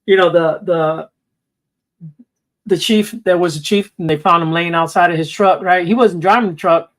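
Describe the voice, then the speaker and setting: A man in a casual panel chat, rambling through stories with quick asides. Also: high voice, fairly even intonation, fairly bright tone, rough recording. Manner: rambling storyteller, retelling funny videos with quick asides. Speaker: panel guest.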